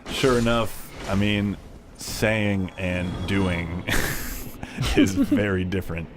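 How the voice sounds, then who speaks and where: A young man co-hosting a video game playthrough, relaxed and joking, rambling into stories. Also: low-pitched, drawn-out words, background noise. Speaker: gaming co-host. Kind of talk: casual let's play chat.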